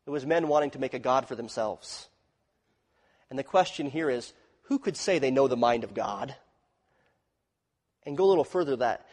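A man preaching a sermon as pastor, dropping to hushed low phrases and then rising to loud, emphatic points. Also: long reverb tail.

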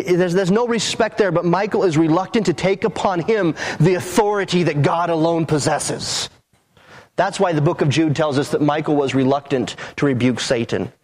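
Emphatic male preacher, fairly high voice. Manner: emphatic, with dramatic drops in pitch and occasional restarts. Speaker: pastor. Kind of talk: sermon.

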